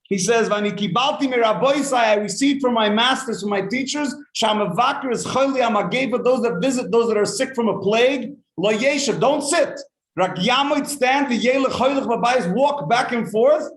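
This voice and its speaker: Animated high-voiced rabbi teaching a class. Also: male voice, normal speed, reverberant. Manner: animated storyteller, rhetorical questions, quotes Hebrew and Yiddish then translates. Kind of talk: lively Torah class to a live group.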